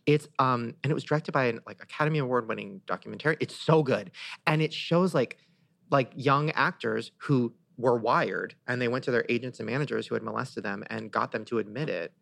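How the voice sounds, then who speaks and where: A man hosting a podcast, chatting in an animated, gossipy way and swearing freely. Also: medium pitch, brisk, vocal fry, dry recording, clean studio sound. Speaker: podcast host. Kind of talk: casual chat.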